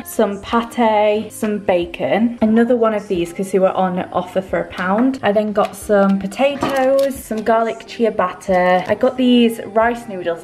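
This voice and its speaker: A woman's voice: medium pitch, a little mellow. Chatty young British woman vlogging. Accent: British English. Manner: chatty, rambling, self-deprecating. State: under the weather. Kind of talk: casual vlog talk to camera.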